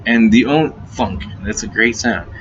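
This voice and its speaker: A man's voice: fairly low pitch, normal speed, fairly bright tone. A man telling a casual story, swearing freely, often laughing and stumbling over his words. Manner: profane, laughing often, repeats and restarts words. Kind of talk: casual anecdote. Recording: dull lo-fi recording with faint noise.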